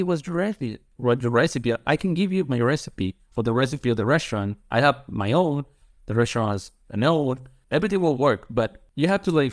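An enthusiastic man talks about his pizza work, piling up clauses in loose, English. His voice sits at an ordinary pitch. The sound is dry and close. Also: no echo. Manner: eager, rambling, non-native phrasing. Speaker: pizza chef and guest. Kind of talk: casual interview answers.

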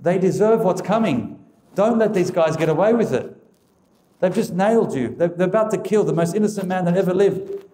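A man's voice: sits high, expressive, fairly quick, mellow, roomy sound, a little hiss or hum, voice pushed up. A man voicing an indignant male onlooker who urges revenge, pleading and outraged.

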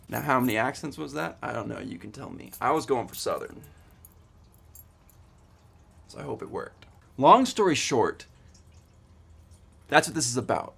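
A man's voice: medium pitch, big pitch swings, moderate pace, vocal fry, pauses often, a bit bright, slightly rough. A man in his twenties vlogging casually, rambling eagerly with lots of fillers and restarts. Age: 20s. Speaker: student vlogger. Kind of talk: casual vlog.

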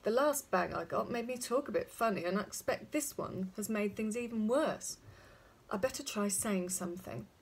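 A dazed young boy hedgehog, as a woman reads him aloud in a storybook, quiet and wondering. His voice is a little husky. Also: mid-range voice, moderate pace.

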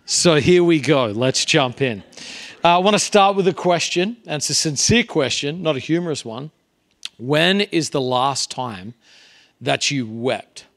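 A man's voice: on the high side, expressive, measured pace, fairly bright tone. A man preaching a sermon as a visiting pastor in a church, earnest and conversational. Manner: earnest, conversational, varying pace and volume. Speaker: guest preacher.

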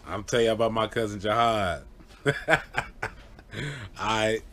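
Animated man telling a story casually. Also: fairly low pitch, a little slow. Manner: animated, laughing often, acts out voices. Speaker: vlogger.

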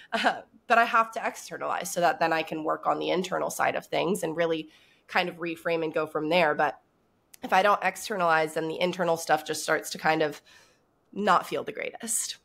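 A woman's voice: low voice, a little fast, creaky. A woman hosting a podcast, talking in a reflective and encouraging way. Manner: warm, encouraging, reflective talk. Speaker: podcast host. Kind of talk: casual podcast interview.

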